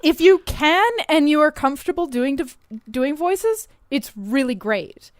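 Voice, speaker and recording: A woman's voice: high voice, lively intonation, measured pace, dry recording, clean studio sound. Chatty, self-deprecating woman co-host. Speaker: podcast co-host. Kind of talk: casual advice chat.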